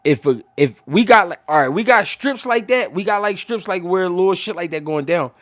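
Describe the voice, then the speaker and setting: High-voiced and speaking at normal speed, this man from Philadelphia hosts a show and tells easygoing stories. Lively and foul-mouthed, he piles on slang and repeatedly restarts sentences.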